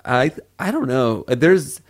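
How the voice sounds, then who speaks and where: A man co-hosting a comedy podcast with a laid-back, deadpan delivery. He thinks out loud, restarting his sentences, in a mid-range voice. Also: medium pitch, takes it slowly. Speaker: podcast co-host. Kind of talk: casual comedic podcast chat.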